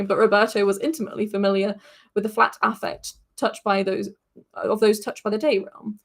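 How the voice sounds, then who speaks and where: A woman's voice: mid-range voice, flat delivery, fairly quick, vocal fry, soft background music. A woman hosting a podcast, reading a fantasy story aloud and breaking off now and then for casual asides.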